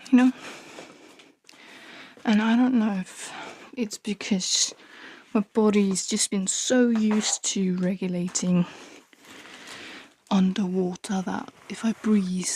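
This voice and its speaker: A young woman with the flu, breathy and half-whispering as she sighs and pants through a rambling, casual vlog while clearing out a bedroom. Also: mid-range voice, steady tone, slow pace, pauses often, a little mellow, slight background noise. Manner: breathy, half-whispered, sighing between tasks. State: sick with flu, panting and sniffly. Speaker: vlogger. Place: bedroom at home.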